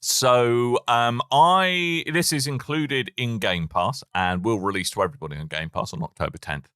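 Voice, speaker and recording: A man's voice: medium pitch, normal speed, bright, forceful tone, smooth, no room sound, studio quality. A man co-hosting a games podcast, chatty and jokey, trailing off and restarting as he talks. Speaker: podcast co-host. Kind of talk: casual chat about video games.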